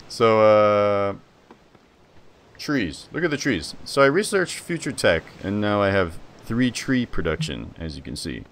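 A young man with a low, deep voice talks casually through a strategy game, chatting with viewers and getting excited about his moves. A steady hiss of background noise sits under his voice throughout. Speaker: gaming streamer. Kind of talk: casual live gameplay commentary.

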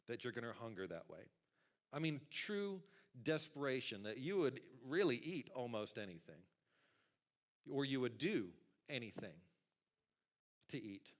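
A male pastor preaching a sermon to a church congregation in a lively, conversational way, talking directly to the people in the pews. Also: medium pitch. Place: church sanctuary.

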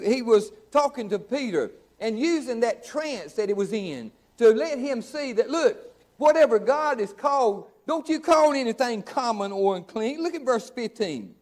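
A man's voice: very high voice, expressive, moderate pace, a little mellow. A middle-aged man preaching a sermon in a church, folksy and emphatic, repeating phrases for effect. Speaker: pastor. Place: church sanctuary.

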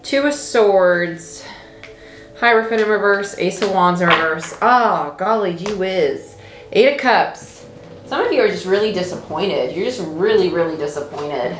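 A woman's voice: on the low side, animated, measured pace, echoey room, faint music behind. A woman giving a casual tarot reading, talking in an emphatic, repetitive, chatty way. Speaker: tarot reader.

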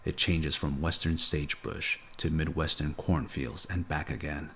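Man, live novel narration, very low voice, faint background hiss. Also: little pitch movement, fairly bright tone. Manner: measured, unhurried reading. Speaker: audiobook narrator.

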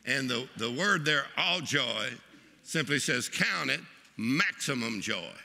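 Bright-voiced preacher man. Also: medium pitch, expressive, takes it slowly, gravelly. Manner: exuberant, leads the crowd in laughing. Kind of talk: lively sermon.

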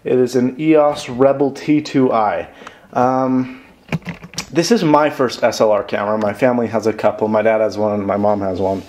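A young man hosting a casual unboxing vlog, chatty and excited, rambling and correcting himself as he goes. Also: medium pitch, normal speed, a little hiss or hum. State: out of breath. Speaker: tech YouTuber.

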